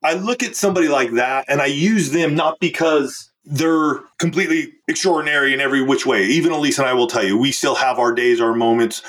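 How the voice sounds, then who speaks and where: A man's voice: mid-range voice, fairly quick, hardly any pauses, fairly bright tone. A man, a relationship coach, telling a client's story as a podcast guest, earnest and emphatic. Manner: earnest, emphatic, acts out quoted speech. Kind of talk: conversational storytelling.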